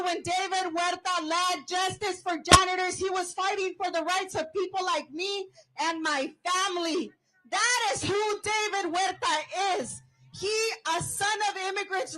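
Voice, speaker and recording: A woman's voice: very high-pitched, sharp tone, poor audio. A woman giving an impassioned protest rally speech outdoors, leading call-and-response chants as a union member.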